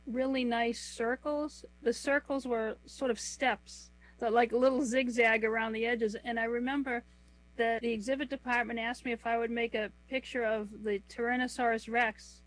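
Measured, explanatory woman guest. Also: fairly high pitch, fairly even intonation, low-quality recording. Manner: measured, explanatory, lists items slowly. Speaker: author and guest. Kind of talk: conversational interview answers.

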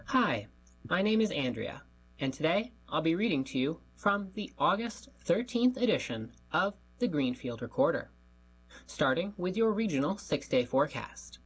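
Radio reader: woman, husky, steady, reads the forecast plainly. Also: low-pitched, normal speed, faint music behind, poor audio. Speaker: volunteer newspaper reader. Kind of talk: reading a weather forecast aloud.

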